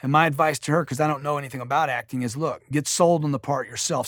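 A man's voice: fairly high pitch, fairly even intonation, fast talker, few pauses, a bit bright, dry recording, clean studio sound. Emphatic middle-aged man coaching on sales. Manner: emphatic, blunt, with rising intensity. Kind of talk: motivational monologue.

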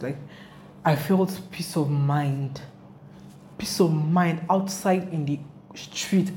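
A young Nigerian woman with a Nigerian accent, chatting casually in a vlog, telling her travel stories with animated, rambling asides. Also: low voice, a little hiss or hum. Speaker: travel vlogger.

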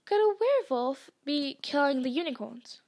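A woman's voice: high voice, expressive, moderate pace, darkish tone. A woman reading aloud and voicing an anxious young schoolboy.

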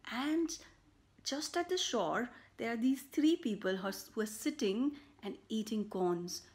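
A woman reading a picture book aloud to children, slow and animated, with buzzing and animal sound effects and soft whispered asides. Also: on the high side. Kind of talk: children's story read-aloud.

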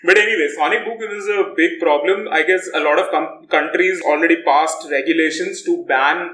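A man's voice: a little high, moderate pace, bright, forceful tone, slight background noise. Laughing man in echoey room. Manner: laughs often, trails off and restarts. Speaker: podcast co-host. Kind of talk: casual chat.

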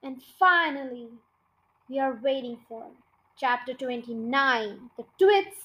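Female podcast reader, high-pitched and bright, chatty, trips over words. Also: lively intonation, slow pace, poor audio. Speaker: podcast storyteller. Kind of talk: reading a children's book aloud.

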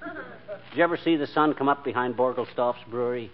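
An actor playing a brash, bragging husband who tells tall tales in a 1940s radio sitcom. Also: male voice, medium pitch, fairly quick, natural voice. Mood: boastful. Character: boastful, blustering husband spinning tall tales. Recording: dull lo-fi 1940s radio broadcast with faint hiss.

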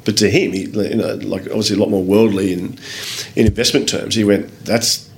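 Low-voiced Australian man telling stories. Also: a little fast, creaky. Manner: lively anecdotes, swears, calls people mate, acts out others' lines. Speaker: guest, business owner. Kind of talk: casual storytelling in a podcast interview.

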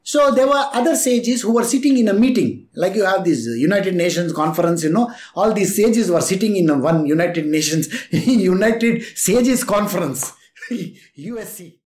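A man's voice: sits high, expressive, normal speed, a little mellow. A man telling a spiritual story casually, chuckling often and acting out the voices. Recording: echoey room.

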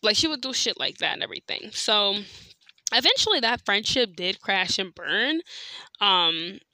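A woman tells a personal story the way she would to a friend, candid and blunt and full of profanity. Her voice is bright and sharp-edged, and she leans on "like" and "you know" as she talks. The sound is dry and close. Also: mid-range voice, expressive, moderate pace, no echo. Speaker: podcast host.

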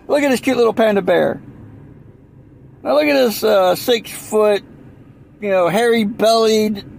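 A man's voice: high voice, measured pace, gravelly, slight background noise, rough recording. A man rambling through a sarcastic comic monologue, full of restarts and mock voices. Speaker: comedian. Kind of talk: rambling stand-up style monologue.

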